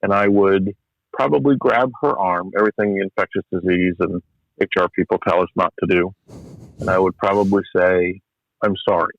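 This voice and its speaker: A middle-aged emergency physician tells stories in a candid, reflective, self-deprecating podcast conversation. His voice sits low with fairly even intonation and a brisk pace, with no room sound, though the podcast audio is slightly muffled.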